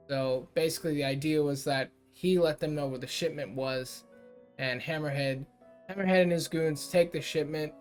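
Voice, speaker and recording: A man talks through a cartoon episode in a loose, filler-heavy recap, tossing off quick paraphrased lines from the characters. His voice sits slightly on the high side. A soft guitar plays faintly underneath. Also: steady tone, clean tone. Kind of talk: casual spoken review recap.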